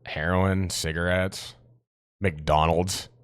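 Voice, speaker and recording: A man's voice: sits low, steady tone, slow pace, clean tone. A man co-hosting a podcast in casual chat, rambling, enthusiastic and swearing freely. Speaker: podcast co-host.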